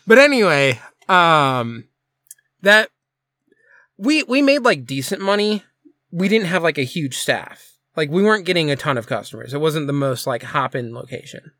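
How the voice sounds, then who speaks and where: A man co-hosting a casual podcast, talking haltingly about his old coffee shop job, with many fillers. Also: on the high side, lively intonation, sharp tone, no room sound. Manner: rambling, hesitant, with many fillers. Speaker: podcast co-host; former coffee shop worker. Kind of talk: casual chat.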